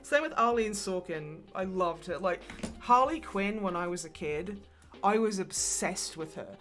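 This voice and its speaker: A woman's voice: medium pitch, lively intonation, a little slow, fairly bright tone, soft background music. A woman hosting a casual livestream, rambling and swearing freely as she chats and laughs often. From Polish family. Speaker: livestream host.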